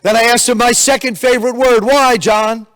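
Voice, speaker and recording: An older man giving a motivational keynote speech, energetic storytelling with acted-out quotes, in a conference room on a handheld mic. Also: extremely high pitch, normal speed. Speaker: keynote speaker. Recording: long reverb of a hall.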